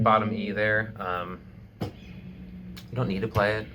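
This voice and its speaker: Laid-back low-voiced man teaching guitar. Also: dull audio. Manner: joking, laid-back, slow with fillers. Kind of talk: casual guitar lesson. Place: home. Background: guitar playing.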